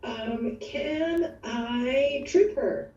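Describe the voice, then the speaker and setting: A woman's voice: high voice, extremely slow, warm tone, reverberant. A woman playing a tabletop role-play game in a playful, laughing way, recorded distant and dull with faint noise. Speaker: player.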